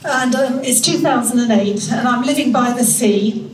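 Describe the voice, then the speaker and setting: A woman's voice: on the high side, moderate pace, a little hiss or hum. A woman in her sixties with a nasal North London accent, a guest author chatting frankly and reading from her memoir in a self-mocking way. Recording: long hall reverb.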